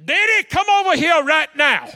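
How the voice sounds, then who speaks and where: A blunt, street-worn older woman, put on by a male pastor in a sermon makes bossy, matter-of-fact demands. The voice sits very high and bright. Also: moderate pace, heavily acted. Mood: demanding.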